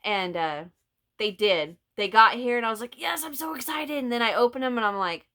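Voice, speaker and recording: A woman's voice: mid-range voice, brisk, pushed and bright, clear, resonant tone. A middle-aged woman with a Southern Illinois accent chatting casually about her crochet projects, telling stories and laughing often. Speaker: vlog host, crocheter. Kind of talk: casual chat.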